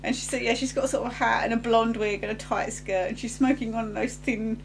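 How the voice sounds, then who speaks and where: A woman's voice: a little high, fairly even intonation, fairly quick, vocal fry, soft background music, low-quality recording. A woman co-hosting a TV review in casual chat, backing her co-host up and finishing his sentences.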